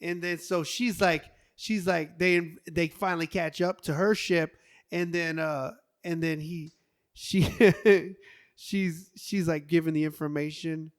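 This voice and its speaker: A man's voice: a little high, measured pace, clean tone. A man co-hosting a casual podcast, retelling movie scenes with lots of energy, sound effects and little voices. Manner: animated storyteller, does sound effects and voices. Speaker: podcast co-host. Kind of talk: casual chat.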